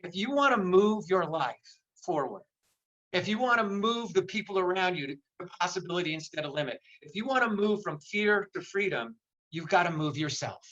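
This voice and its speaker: A man's voice: sits high, lively intonation, moderate pace, a bit bright, highs cut off. An older man giving an impassioned motivational talk in a virtual seminar, repeating phrases for emphasis. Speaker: motivational speaker. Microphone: video call.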